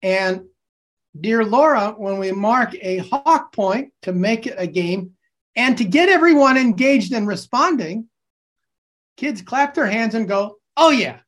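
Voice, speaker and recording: A man coaching teachers over a video call, slowly explaining a classroom game and acting out its calls with bursts of energy. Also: high voice, lively intonation, a bit bright. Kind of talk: enthusiastic classroom-technique demonstration.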